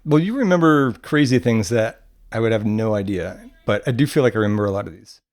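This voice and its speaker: A man's voice: fairly low pitch, lively intonation, fairly quick, darkish tone, dry recording, studio quality. A man co-hosting a casual podcast, hesitant and laughing often. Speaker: podcast co-host. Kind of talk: casual chat.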